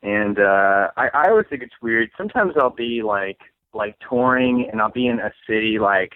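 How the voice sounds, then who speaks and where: A man's voice: on the low side, expressive, moderate pace, no echo. A man from Saint Louis, a comedian guest, chatting casually in a rambling way full of fillers and frequent laughs. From Saint Louis, USA. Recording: tinny phone-like line, dry.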